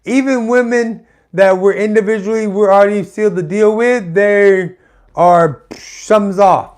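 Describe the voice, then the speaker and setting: A man's voice: high voice, fairly even intonation, measured pace, darkish tone. Rambling man telling a stand-up story. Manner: rambling, self-interrupting, chatty asides. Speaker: stand-up comedian.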